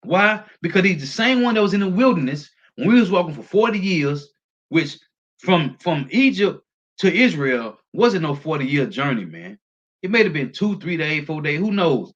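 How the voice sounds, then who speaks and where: A man delivers a street-style sermon, reading scripture and breaking it down in an emphatic, repetitive way. His voice sits fairly high for a man. The recording is dull and lo-fi. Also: sing-song, moderate pace. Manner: emphatic, repetitive, ends phrases with a low "man". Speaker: preacher.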